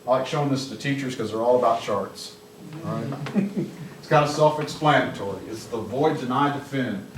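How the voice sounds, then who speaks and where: A man's voice: mid-range voice, brisk. A man leads a police training session for office staff, speaking bluntly and cracking jokes. His voice sits in an ordinary middle range. The mic picks him up from across an echoing room, with faint noise underneath. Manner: blunt, joking, shouts commands when demonstrating. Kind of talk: live training presentation. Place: office meeting room with audience. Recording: echoey room, mic from a distance.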